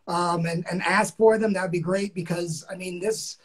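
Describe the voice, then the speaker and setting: A man's voice: high-pitched, steady tone, low-quality recording. A man who made the show, talking casually and enthusiastically on a podcast, often restarting his sentences. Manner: enthusiastic, halting with many restarts. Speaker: show creator guest.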